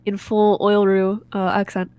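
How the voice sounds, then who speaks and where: A woman's voice: medium pitch, monotone, measured pace, dark tone, clean tone, no echo. A woman in her thirties playing a tabletop game, chatty and giggly. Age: 30s. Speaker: player.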